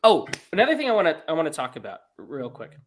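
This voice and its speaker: A man's voice: fairly high pitch, wildly swooping pitch, fast, fairly bright tone, slight background noise. Upbeat, jokey male podcast co-host. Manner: upbeat, jokey, laughs often. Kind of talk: casual chat.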